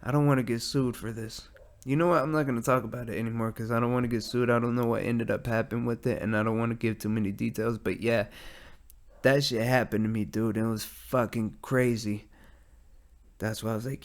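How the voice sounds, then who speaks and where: A man's voice: mid-range voice, steady tone, moderate pace, long pauses. A young adult man, hosting a rambling, profane solo podcast from his garage. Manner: rambling, profane, laid-back. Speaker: podcast host. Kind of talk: casual solo podcast monologue. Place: home garage.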